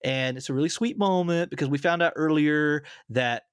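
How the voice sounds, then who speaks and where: A man hosts a casual film podcast, his voice pitched a little high and recorded dry and close. He retells movie scenes animatedly and laughs often along the way. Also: normal speed, smooth, no echo. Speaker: podcast host.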